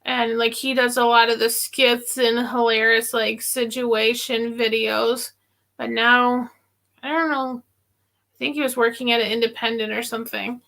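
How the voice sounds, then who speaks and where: A woman's voice: fairly high pitch, level tone, normal speed, bright, forceful tone. A woman pharmacy worker in a casual live-stream chat, rambling and giggly with many fillers.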